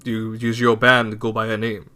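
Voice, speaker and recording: A man's voice: on the low side, completely flat delivery, a little fast, sharp tone, clean tone. A man playing a solemn, remorseful robot. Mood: earnest. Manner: grave, formal speech.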